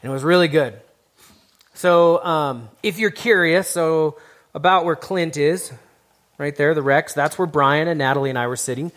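A man's voice: a little high, normal speed, fairly bright tone. Casual man introducing a video. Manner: casual, filler-heavy, conversational. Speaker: worship leader introducing a video.

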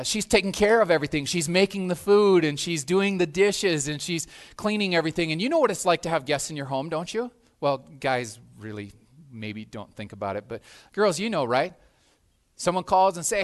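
A male pastor preaching a sermon in a conversational way, often repeating words and acting out little scenes. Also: fairly high pitch.

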